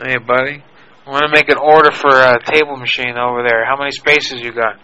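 A man's voice: medium pitch, little pitch movement, brisk, pushed and bright, lo-fi sound, a little hiss or hum, close to an everyday voice. A man playing a touchy adult male prank caller who keeps taking offense and repeats himself. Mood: pushy. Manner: indignant, repetitive, picks fights over words. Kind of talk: prank phone call.

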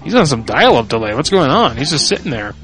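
A man's voice: medium pitch, sing-song, fast, fairly bright tone, faint music behind, poor audio. A man hosting a podcast in casual chat, crude and joking, swearing freely. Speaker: podcast host.

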